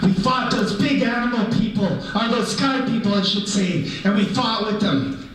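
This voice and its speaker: A man's voice: high-pitched, normal speed, faint music behind, lightly acted. A man playing a cheerful animal-person storyteller, telling tales in a playful, humorous way. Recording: echoey hall from far off.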